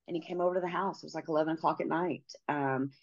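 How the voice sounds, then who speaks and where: A middle-aged woman telling a personal story as an interview guest, halting and pausing, often restarting her sentences. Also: sits low, fairly even intonation. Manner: halting, with many pauses and restarts. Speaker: podcast guest. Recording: slightly dull lo-fi audio.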